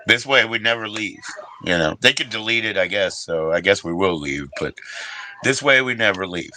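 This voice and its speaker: A man's voice: lowish voice, lively intonation, normal speed, bright, forceful tone, a little hiss or hum, rough recording. A middle-aged man with a casual, rambling and profane way of talking, hosting his own livestream and chatting with viewers. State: briefly emotional, teary. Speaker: livestream host.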